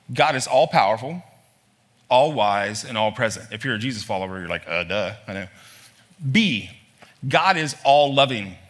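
Male pastor mid-sermon, bright, forceful tone, heavy on rhetorical questions. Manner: lively preaching, voice climbing high on emphatic lines; asks many rhetorical questions. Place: church hall.

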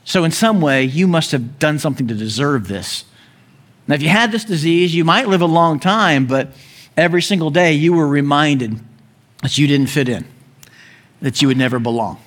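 A male pastor preaches with a high, light voice. He tells the story with animated energy, slips into character voices and chuckles along the way. His delivery swings from lively to hushed. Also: moderate pace. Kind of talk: sermon.

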